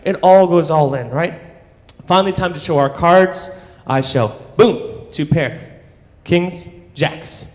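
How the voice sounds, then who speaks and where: Animated man telling a tale onstage. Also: on the high side. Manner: animated, profane, keeps asking "right?". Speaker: storyteller. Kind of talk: live stage storytelling. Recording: long hall reverb.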